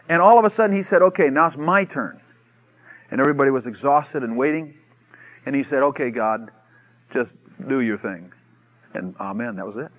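A man preaching a sermon, telling a story with lively acted-out quotes that swing from shouts to hushed asides. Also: fairly high pitch, highs cut off. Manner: animated storytelling, acts out quotes with shouts and mock whispers.

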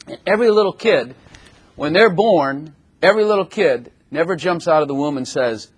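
A man's voice: high-pitched, animated, normal speed, slightly rough. A man preaching a sermon who often laughs and acts out little voices as he talks.

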